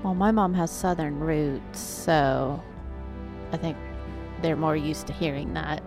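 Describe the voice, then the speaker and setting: A woman's voice: sits low, fairly even intonation, slow pace, over music. A woman in her thirties co-hosting a podcast, chatty and playful. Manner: laughs often, chatty and playful. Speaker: podcast co-host. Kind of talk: casual chat.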